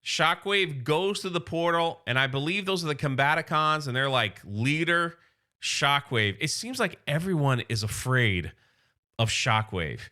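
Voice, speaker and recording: A man's voice: a little high, expressive, moderate pace, sharp tone. A man casually recapping and reviewing a comic book, chatty and acting out character lines as he goes.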